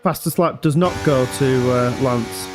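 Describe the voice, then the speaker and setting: A man's voice: mid-range voice, measured pace, over music. A man commentating a sim racing league live in a casual, chatty way, often laughing and apologising.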